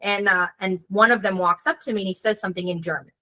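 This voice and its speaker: A woman's voice: medium pitch, fast, rough recording. A woman, a guest author, telling a story in casual conversation and acting out the voices she quotes. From United States. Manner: animated storyteller, acts out quoted voices, frequent "like".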